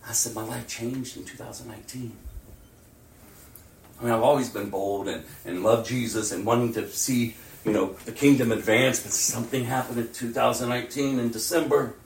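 A man preaching a sermon as pastor, animated, swinging between loud outbursts and near-whispers. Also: mid-range voice, normal speed, vocal fry, a little hiss or hum. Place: church. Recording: roomy and distant mic with faint ambience.

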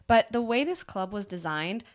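A woman's voice: medium pitch, lively intonation, moderate pace. A young woman co-hosting a podcast, casually telling stories from a trip and swearing now and then. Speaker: podcast co-host. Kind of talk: casual chat.

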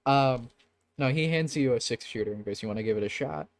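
A man's voice: medium pitch, fairly quick, no echo. A young man narrating a tabletop game as game master, casual and laughing, swearing often. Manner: casual, laughing, swears often, puts on silly shopkeeper voices.

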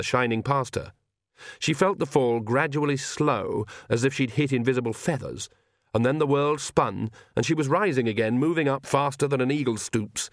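A man narrating a comic fantasy audiobook in a measured storytelling manner. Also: mid-range voice, dry recording, studio quality. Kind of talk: scripted narration.

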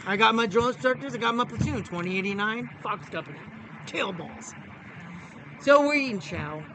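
A middle-aged man and former Marine telling a story in a casual podcast chat, animated and profane, acting out the voices of the people in it. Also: sits high, moderate pace, noisy background.

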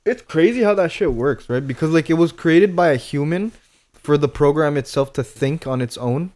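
A young man co-hosting a podcast, chatting in relaxed, slangy banter with a friend. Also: on the high side, normal speed. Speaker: podcast co-host. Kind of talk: casual chat.

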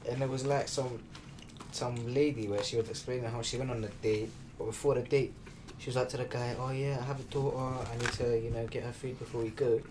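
A man's voice: medium pitch, flat delivery, brisk, darkish tone, slight background noise. A young man hosting a casual podcast, chatting in laid-back slangy banter with restarts. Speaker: podcast host. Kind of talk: casual chat.

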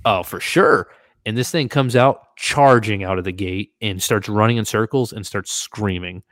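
Casting note: male podcast host, lower register, lively storyteller who acts out quoted voices, dry close sound. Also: normal speed, no echo. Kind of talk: casual storytelling.

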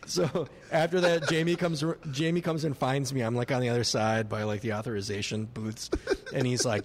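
An animated man in his late thirties tells a rambling story in casual chat, swearing freely and jumping his voice up to shout out the lines of the people he quotes. His voice sits at an ordinary middle pitch for a man. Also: fairly quick.

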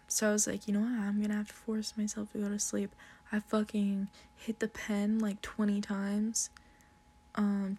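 A woman's voice: medium pitch, darkish tone. A young woman telling a casual, profanity-laced story, laughing often as she talks. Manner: slow, drawn-out delivery with frequent swearing and laughter.

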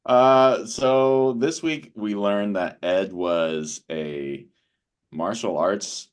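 A man's voice: lowish voice, drawn-out words, smooth. A man co-hosting a casual podcast chat, rambling with many fillers. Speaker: podcast co-host.

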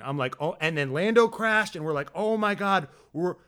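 A man's voice: normal speed, hardly any pauses. A man co-hosting a casual comedic chat, telling stories with lots of stammering restarts and acted-out quotes. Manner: animated storyteller, acts out quotes with big pitch swings. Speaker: podcast co-host.

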